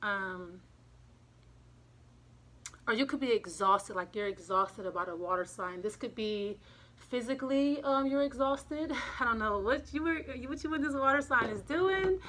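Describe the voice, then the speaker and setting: A woman's voice: on the high side, unhurried, a bit bright. Breathless woman doing a chatty tarot reading. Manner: rambling, chatty, repeats herself. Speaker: tarot reader. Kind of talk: casual tarot reading to camera. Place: front room of a home by a street. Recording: home recording with clear street noise. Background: street noise, passing cars.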